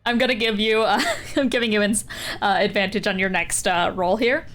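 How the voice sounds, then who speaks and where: A woman's voice: medium pitch, fairly even intonation, fairly quick, fairly bright tone. A woman narrating as game master, laughing often between rulings.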